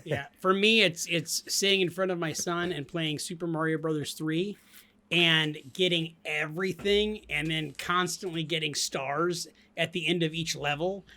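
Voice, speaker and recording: High bright teasing man. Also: steady tone. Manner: teasing, jokey, quick ribbing. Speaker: podcast co-host. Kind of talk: casual chat.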